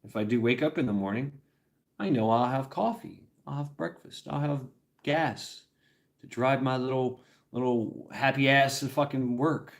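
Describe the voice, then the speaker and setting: A man's voice: medium pitch, moderate pace. A middle-aged man talking loosely to his livestream audience. His speech wanders from thought to thought, and it is peppered with laughter and profanity. The delivery is casual and unpolished. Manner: rambling, profane, laughs often.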